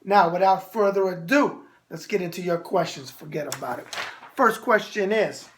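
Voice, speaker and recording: A man's voice: high voice, normal speed, slight background noise. A middle-aged man with a New York accent hosting a boxing show, answering viewer mail in brash wise-guy banter.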